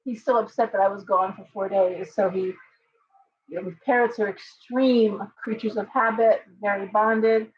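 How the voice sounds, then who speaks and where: This woman's voice sits at a medium pitch, steady in tone and normal in speed. Streaming casually from home with the windows open, the tarot reader chats loosely and stops now and then to coo at her parrot in baby talk, all over dull lo-fi audio.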